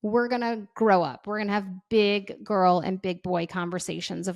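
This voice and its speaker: A woman in her thirties hosting a casual advice podcast, chatty and quick to act out little bits of dialogue. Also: medium pitch, fairly even intonation, a little mellow. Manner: chatty, says "like" often, acts out dialogue. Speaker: podcast host.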